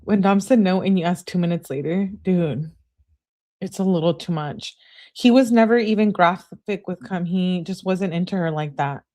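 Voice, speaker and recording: A woman's voice: on the low side, normal speed, mellow. A woman hosting a live reading, with exasperated, sarcastic comments between passages. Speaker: channel host.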